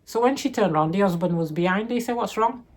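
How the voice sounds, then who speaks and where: Woman, low voice, casual book chat, rambling, self-correcting. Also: lively intonation, rapid-fire, darkish tone. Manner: rambling, self-correcting, retells the plot loosely. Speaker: book reviewer.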